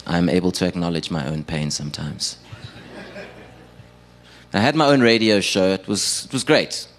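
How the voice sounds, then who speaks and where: A young South African man with a low voice doing stand-up comedy on a live stage. He talks conversationally with the crowd and pokes fun at himself. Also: normal speed, slight background noise. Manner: self-deprecating, conversational with the audience. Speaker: stand-up comedian and radio producer.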